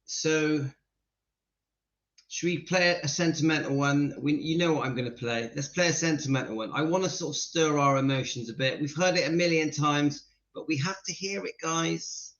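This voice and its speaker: A man's voice: a little high, normal speed, a bit bright, slight background noise. A man hosting a casual live stream, chatting to viewers in a sentimental, friendly way and greeting them by name. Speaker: livestream host. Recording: dull lo-fi audio, faint music behind.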